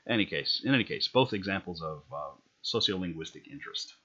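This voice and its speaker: A man's voice: deep voice, expressive, a little fast, bright, forceful tone, breathy edge. A male lecturer talking through slides in a loose, rambling way, full of fillers and restarts. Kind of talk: recorded classroom lecture. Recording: dull lo-fi lecture recording.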